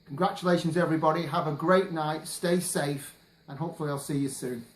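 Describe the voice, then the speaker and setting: Man giving jury points with careful reasons, a touch high, echoey room. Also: steady tone, fairly quick. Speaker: guest jury member. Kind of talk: recorded jury vote message.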